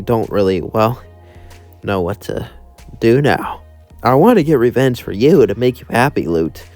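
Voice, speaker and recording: A man's voice: medium pitch, a little mellow, natural voice. A man doing a hesitant, humbled demon general. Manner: hesitant, halting and confessional.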